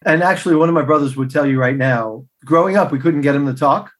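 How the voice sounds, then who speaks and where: A middle-aged man, a podcast guest, telling personal stories in an animated way and acting out the dialogue. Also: on the high side, fast talker. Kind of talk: storytelling interview answers.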